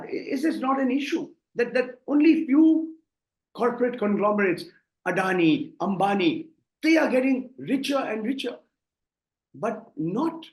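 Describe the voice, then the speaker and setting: A man's voice: sits high, darkish tone, echoey room. A man with an Indian English accent, a political analyst giving impassioned interview commentary, emphatic and often repeating words as he starts a thought.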